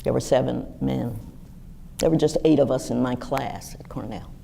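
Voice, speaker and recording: A woman in her sixties telling personal stories to a live audience in a lively, animated way. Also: moderate pace, vocal fry, a little hiss or hum. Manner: lively, animated storytelling with wide pitch swings. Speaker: guest speaker. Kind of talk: storytelling talk to a live audience.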